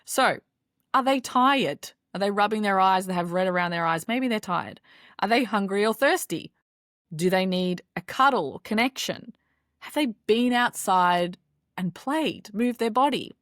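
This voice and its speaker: A woman's voice: medium pitch, expressive, measured pace, fairly bright tone, dry recording, studio quality. A woman, a doctor hosting her own podcast and explaining things conversationally. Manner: conversational, explanatory, with scripted intro. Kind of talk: solo podcast monologue.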